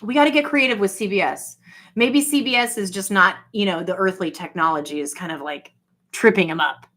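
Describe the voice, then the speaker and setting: A woman's voice: mid-range voice, normal speed, bright, forceful tone. A woman chatting casually on a livestream, rambling and swearing as she talks straight to her viewers. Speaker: livestream host.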